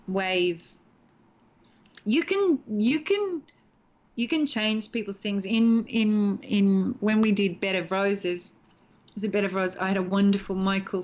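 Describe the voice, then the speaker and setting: A middle-aged woman tells stories in a chatty, animated way, laughing easily. Her voice sits at an average pitch for a woman. The audio is dull and lo-fi, like a home video call. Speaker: guest actress. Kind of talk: casual interview chat.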